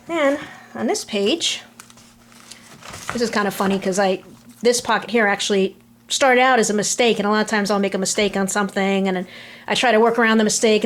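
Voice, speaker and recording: A middle-aged woman chatting casually through a scrapbook album, relaxed, trailing off between items, recorded on a camera mic at home. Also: mid-range voice, slight background noise. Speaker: crafter showing a scrapbook album. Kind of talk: casual show-and-tell narration.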